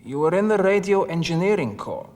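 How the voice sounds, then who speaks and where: An actor playing a formal, commanding Soviet intelligence officer who instructs in a deliberate way. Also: male voice, sits high, animated, a little mellow. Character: stern Soviet intelligence recruiter, commanding middle-aged man. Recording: reverberant room.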